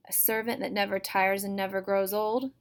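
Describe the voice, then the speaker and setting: A woman reading a storybook aloud, voicing a mean, bossy old backwoods woman with a shrill, harsh voice and folksy rural grammar. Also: flat delivery, moderate pace, natural voice. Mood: probing.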